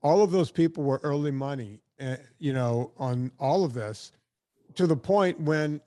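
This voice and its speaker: A man's voice: a little high, unhurried, mellow. A man talking as a filmmaker and podcaster guest, telling stories in a chatty, blunt way with casual swearing. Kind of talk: casual storytelling interview.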